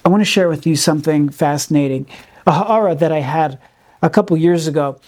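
Earnest guy teaching a torah class, mellow voice, keeps stressing words, lots of hebrew terms. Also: fairly high pitch, fairly quick. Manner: earnest, emphatic, repeats key words for stress; peppers speech with Hebrew terms.

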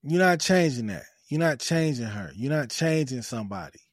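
A man's voice: mid-range voice, lively intonation, moderate pace, no room sound, studio quality. A man hosting a podcast, giving blunt, preachy advice with swearing and lots of emphatic repetition. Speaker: podcast host. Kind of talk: casual advice monologue.

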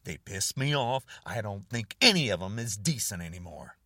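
A man's voice: lowish voice, animated, moderate pace, bright, forceful tone, no echo, studio quality, distant mic. An older American man delivering an angry, repetitive rant straight to camera, hammering short phrases and insults. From United States. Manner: furious, repetitive, name-calling, jabbing phrases. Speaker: online video host.

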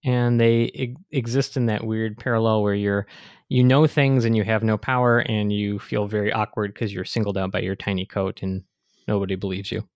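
A man's voice: on the low side, little pitch movement, moderate pace, a little mellow, dry recording, clean studio sound. A man hosting a podcast, chatting casually and explaining medical matters in a thoughtful way. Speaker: podcast host. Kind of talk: casual chat.

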